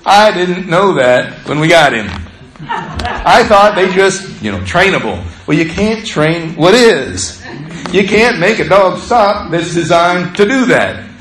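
A pastor preaches a sermon in a conversational, animated manner, telling stories and laughing along the way. His voice sits high and slow, captured in an echoey room on a rough recording.

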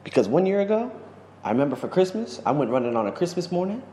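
A man's voice: on the high side, big pitch swings, fast, mellow, a little hiss or hum. A man hosting his own podcast, talking in an effusive, exclamatory vlog monologue. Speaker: podcast host. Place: living in Bangkok. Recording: roomy echo with long reverb.

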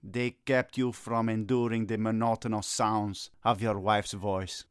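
A man's voice: on the low side, level tone, measured pace, clean tone, no room sound, clean studio sound. A middle-aged man playing a youth soccer coach in a comedy sketch, given to gloomy melodramatic rants that flare into agitated Italian curses.

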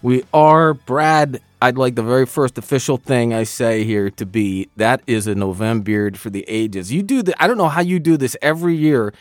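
A man in his fifties co-hosting a podcast, telling stories in an animated, jokey way. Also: mid-range voice, moderate pace, hardly any pauses, no room sound. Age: 50s. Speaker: podcast co-host. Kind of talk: casual chat.

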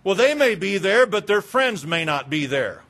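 A man's voice: high voice, big pitch swings, normal speed, a bit bright. A man, a pastor, preaching a sermon in a conversational way, asking rhetorical questions and mimicking indifferent churchgoers.

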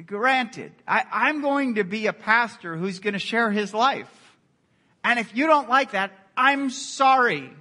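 A man's voice: high-pitched, pushed and bright. A middle-aged man preaching a sermon as pastor, earnest, acting out quoted dialogue as he speaks.

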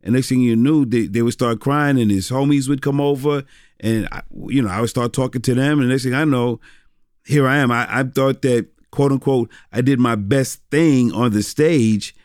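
A middle-aged man who is a pastor tells stories in an easygoing interview. He rambles with many fillers and restarts in a mid-pitched voice. The sound is dry and close. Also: moderate pace, a little mellow, clean tone, dry recording. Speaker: pastor and former rapper. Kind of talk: casual interview storytelling.

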